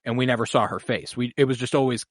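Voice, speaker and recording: A man's voice: mid-range voice, steady tone, fast talker, no room sound, studio quality. Enthusiastic man gushing on a podcast. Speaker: podcast co-host. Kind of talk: casual fan chat.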